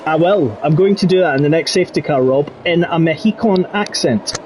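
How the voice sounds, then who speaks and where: A man giving live commentary on a sim racing league, getting excitable when the battles get close. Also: fairly high pitch, fairly quick, a little hiss or hum. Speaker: race commentator.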